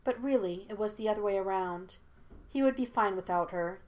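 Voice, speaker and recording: Woman narrator, audiobook of a fan story, steady and even. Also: mid-range voice, a little fast. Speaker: audiobook reader.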